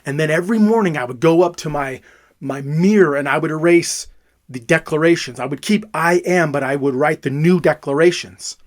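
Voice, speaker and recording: A man's voice: on the high side, fairly quick. A man, a father, telling his own story in an emphatic way and repeating words for emphasis. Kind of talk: personal storytelling.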